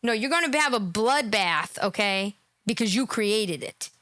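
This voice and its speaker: A woman's voice: medium pitch, lively intonation, unhurried, pushed and bright, no room sound. An American woman hosting a reaction commentary show, talking in a sarcastic, mocking way and mimicking the people she reacts to. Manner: mocking, exasperated, mimics guests.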